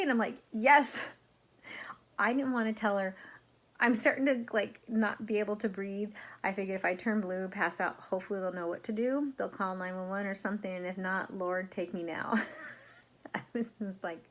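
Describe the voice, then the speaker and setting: A middle-aged woman talks to her camera like she is catching up with a friend. She rambles and stacks up fillers. She acts out what people said to her, all at an ordinary middle pitch. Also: fairly even intonation, moderate pace. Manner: chatty, rambling, with frequent fillers and acted-out quotes. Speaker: crafting vlogger. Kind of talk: casual storytelling to camera.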